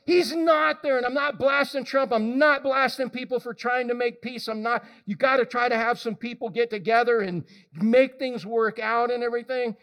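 High-voiced, animated male preacher. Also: moderate pace, hardly any pauses. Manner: animated and conversational, questions the congregation directly. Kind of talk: sermon.

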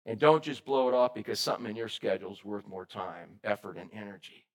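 A man preaching a sermon, lively and animated, questioning his congregation. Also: lowish voice, fast talker. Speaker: pastor.

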